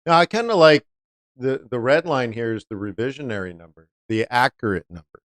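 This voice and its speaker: A man's voice: mid-range voice, lively intonation, brisk, a bit bright, no echo. A man hosting a live-stream trading lesson, chatty, often asking viewers rhetorical questions. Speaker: trading educator.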